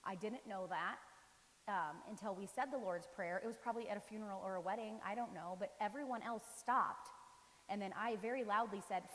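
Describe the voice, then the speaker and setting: A woman's voice: mid-range voice, brisk. Woman preaching casually in a reverberant church. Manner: conversational, many fillers and restarts. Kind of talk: casual sermon.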